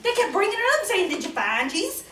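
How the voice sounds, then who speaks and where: A naive, chatty church gossip with a drawl, as a woman puts her on for a ladies' meeting. Her voice is very high and swoops up and down as she giggles through the tale. It sounds echoey and distant, with a noisy room behind. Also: big pitch swings, fast, bright, forceful tone, exaggerated voice. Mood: amused. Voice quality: folksy drawl with frequent laughing. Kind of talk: comic monologue in character.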